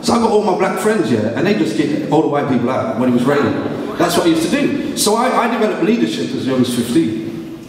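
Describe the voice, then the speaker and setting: A man's voice: a little high, quick pace, a crowd in the background. A middle-aged man, a guest speaker telling humorous stories to a live audience and acting out voices. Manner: animated, humorous, acts out voices. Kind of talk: storytelling talk to a live audience. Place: large hall at a live event. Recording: echoey hall from far off.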